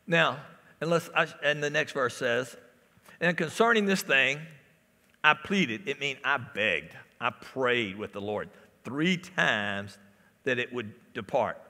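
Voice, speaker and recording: A man's voice: medium pitch, lively intonation, slow, sharp tone, long reverb tail. A man preaching a sermon as a pastor, repeating phrases and calling out to the congregation in a church. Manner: preaching with repetitions and call-outs to the congregation. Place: church sanctuary.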